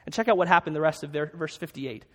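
A pastor preaching a sermon in a church, earnest and halting, with frequent restarts. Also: male voice, on the high side, expressive, big-room sound.

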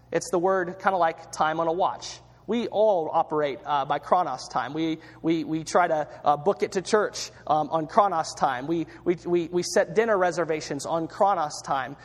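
A man's voice: fairly high pitch, moderate pace, hardly any pauses, long reverb tail. A man preaching a sermon as pastor, in a conversational way, often restarting and repeating words.

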